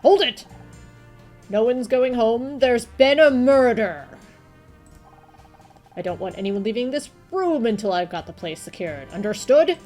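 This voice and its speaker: A woman voicing a gruff, impatient male senior detective who barks curt orders. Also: medium pitch, big pitch swings, a little fast, hardly any pauses, warm tone, soft background music. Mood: barking.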